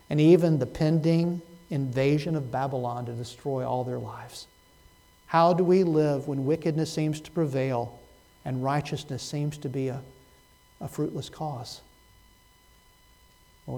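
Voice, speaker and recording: A man preaching a Sunday sermon as pastor, swinging from loud, pleading cries to hushed, soft words. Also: mid-range voice, poor audio.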